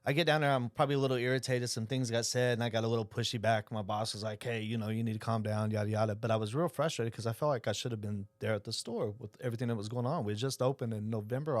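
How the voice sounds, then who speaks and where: Fast-talking man telling stories. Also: mid-range voice, no room sound, studio quality. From Oklahoma. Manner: animated storyteller acting out quoted dialogue. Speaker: insurance agency owner, guest. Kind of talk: casual storytelling interview.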